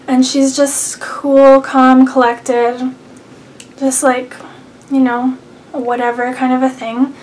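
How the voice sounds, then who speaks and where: A young adult woman telling a personal story to camera, earnest and soft-spoken, with frequent ums and likes. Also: a little high, a little hiss or hum, poor audio. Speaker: vlogger.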